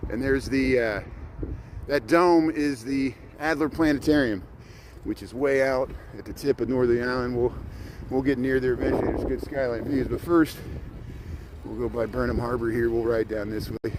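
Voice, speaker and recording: A man's voice: medium pitch, fairly even intonation, normal speed. A man, chatting casually as he livestreams a bike tour along a city lakefront and points out the sights as he rides. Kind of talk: casual live tour commentary. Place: outdoors by a city lakefront harbor, riding a bike. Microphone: camera mounted on a bike. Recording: outdoor wind and traffic noise. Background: wind noise from riding.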